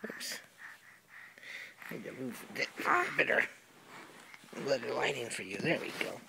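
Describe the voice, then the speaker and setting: A woman's voice: rumbling low, unhurried, creaky, bright, forceful tone, slightly rough. A woman talking baby talk to her infant in a casual home video, playful and cooing. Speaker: mother.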